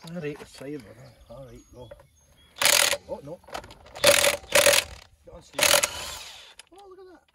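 A man's voice: medium pitch, wildly swooping pitch, slow pace, vocal fry, long pauses. A man, grumbling and swearing about the heat while working on a truck outdoors. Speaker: friend helping in a garage. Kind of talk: casual banter while working. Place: outdoors in hot weather by a truck. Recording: outdoor noise with vehicle sounds.

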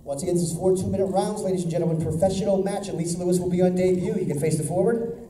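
Fast-talking man emceeing a weigh-in. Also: high voice, fairly even intonation. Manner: loose, rambling questions with fillers. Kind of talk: live event announcing and interviewing. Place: indoor weigh-in event hall. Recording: echoey hall, far mic, crowd noise.

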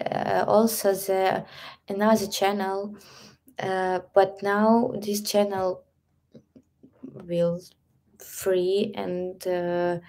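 A Ukrainian woman with a Russian accent coaches stretching on a live stream, chatting casually in halting English with soft whispered asides. Her voice sits in the mid range.

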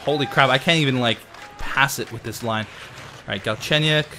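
A man commenting live while playing a hockey video game, excitable and often frustrated, talking back at the game. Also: medium pitch, fairly quick, a little hiss or hum. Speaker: video game let's-player.

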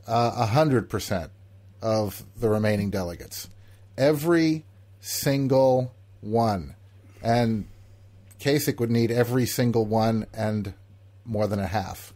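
Teasing, deadpan male co-host. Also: medium pitch, slow. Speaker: political podcast co-host. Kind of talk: casual political banter.

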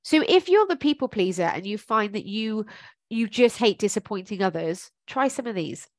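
A woman's voice: medium pitch, lively intonation, normal speed, no room sound. A woman giving informal coaching advice, chatty and encouraging, thinking aloud with plenty of ums. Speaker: life coach.

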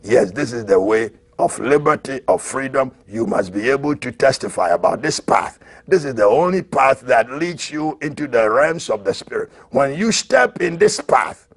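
A man preaching a fiery sermon as an apostle, who shouts, repeats his lines and laughs between them. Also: medium pitch, lively intonation, normal speed.

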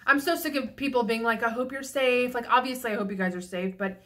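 A young woman talks straight to camera in a rambling, profane vent, doubling back on herself mid-sentence. Her voice sits a bit high and rings bright and sharp, and she sounds a little tipsy. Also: quick pace. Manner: frank and profane, rambling with restarts. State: slightly tipsy. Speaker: vlogger. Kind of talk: casual venting monologue.

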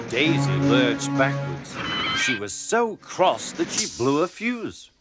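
Male storybook narrator, unhurried, lively intonation, music bed under the voice. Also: mid-range voice. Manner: gentle, expressive storytelling.

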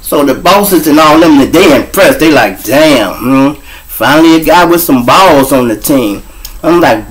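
Animated man telling street stories. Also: a little high, unhurried, rough recording. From Chicago. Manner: animated, acts out scenes with sound effects and voices. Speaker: show host and storyteller. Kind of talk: street storytelling monologue.

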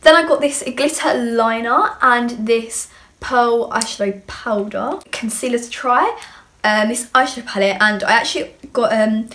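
A woman's voice: on the high side, unhurried, fairly bright tone. Bubbly young woman, gushing. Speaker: beauty vlogger. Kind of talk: casual unboxing chat. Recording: clear background noise with clicks.

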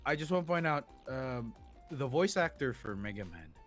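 A man co-hosting a casual podcast about games, animated and joking, often acting out his own inner voice. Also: medium pitch, moderate pace, soft background music. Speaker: co-host.

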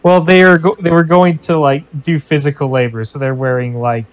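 A man's voice: on the high side, steady tone, a little fast. A man playing in a casual tabletop role-playing session, laid-back and chuckling. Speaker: player. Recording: dull lo-fi mic.

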